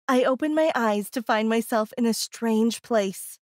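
A woman narrating a first-person story in an earnest, steady way. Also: a little high, unhurried, hardly any pauses, over music.

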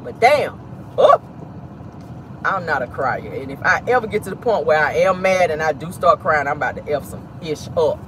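A man's voice: a little high, expressive, a little fast, few pauses. A man hosting a casual celebrity gossip vlog in a sassy, dramatic way, calling his listeners honey and baby. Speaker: host. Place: inside a car. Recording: car noise behind the voice.

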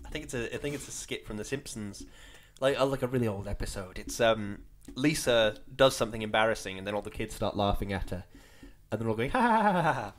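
A man's voice: on the low side, fast talker. A man co-hosting a podcast in casual chat, laughing often and acting out scenes he retells. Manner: laughs often, acts out scenes in silly voices. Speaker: podcast co-host.

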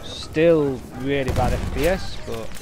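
A young man from Yorkshire, England, streams a game with casual live commentary, chatting easily with his viewers as he plays. His mid-range voice moves at a slow pace over a noisy background, with game gunfire loud behind him.

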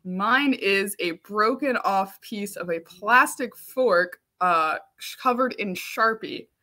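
Bright-voiced woman co-host, dry banter. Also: mid-range voice, slow. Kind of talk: casual show banter.

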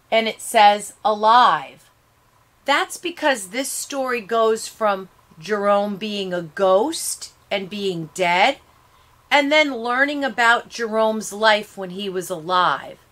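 A woman teacher reading a novel aloud to her class, stopping to explain it, in short, expressive phrases. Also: mid-range voice. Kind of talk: read-aloud lesson with explanations.

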